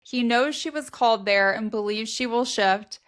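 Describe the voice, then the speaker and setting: A young woman co-hosting a book podcast, summarizing the story in a steady, matter-of-fact way. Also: fairly high pitch, normal speed. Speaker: podcast co-host. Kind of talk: casual book recap chat.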